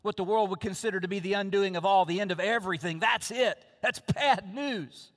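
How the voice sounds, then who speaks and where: High-pitched pastor guy preaching, hammers phrases over and over, big echoey church. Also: a little fast. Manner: emphatic, repeats key phrases. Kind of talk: sermon. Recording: long reverb of a large hall.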